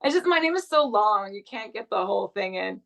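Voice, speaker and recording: A woman's voice: mid-range voice, sing-song, a little fast, gravelly, a bit bright. A young adult woman from Canada, a guest actress chatting casually in an interview, full of restarts and fillers.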